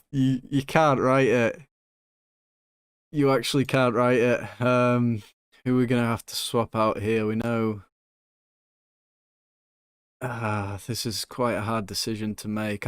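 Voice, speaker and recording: Smooth-voiced young man commentating his game. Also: fairly low pitch, no echo, studio quality. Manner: excitable, swings from hushed nerves to shouting joy; swears when excited. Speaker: gaming YouTuber. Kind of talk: excited live commentary over a football management game.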